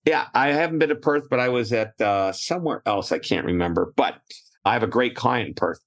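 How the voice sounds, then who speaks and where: A man's voice: mid-range voice, animated, fairly quick. A middle-aged man, a guest speaker in a casual chat, telling anecdotes and laughing often.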